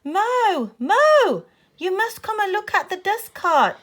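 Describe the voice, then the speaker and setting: A woman's voice: on the high side, sing-song, unhurried. A woman voicing an eager young boy who calls out to his friends.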